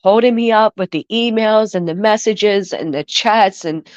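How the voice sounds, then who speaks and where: A woman's voice: mid-range voice, no room sound, highs cut off. Profane, emotional woman hosting a live stream. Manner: candid, emotional and profane, shifts quickly between sappy and indignant. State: recovering from the flu. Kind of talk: casual live-stream chat, reading and answering chat.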